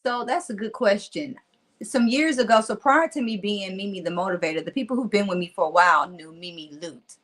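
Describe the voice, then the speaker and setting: A woman's voice: medium pitch, fairly quick. Southern-twanged woman telling stories. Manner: animated storyteller, laughs often. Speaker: motivational speaker, guest. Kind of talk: casual interview chat.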